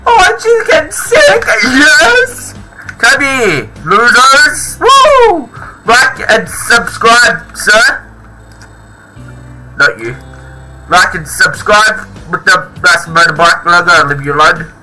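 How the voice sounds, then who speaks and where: A man commenting on his own game as he plays, excitable, often shouting and laughing. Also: sits high, takes it slowly, over loud music, low-quality recording. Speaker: gaming video creator.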